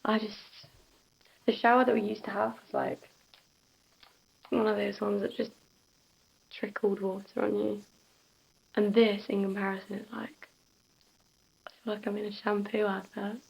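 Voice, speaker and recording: A young woman chatting casually in a vlog, soft, giggly and confiding. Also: mid-range voice, flat delivery, unhurried, creaky, pauses often, slightly rough, rough recording. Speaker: vlogger.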